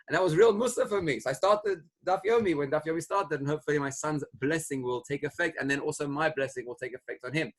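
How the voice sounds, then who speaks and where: A man's voice: on the high side, quick pace, few pauses. A middle-aged man, a rabbi, teaching a Torah class, explaining sources and retelling stories, raising his voice when he acts out quoted speakers. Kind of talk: Torah lecture with storytelling.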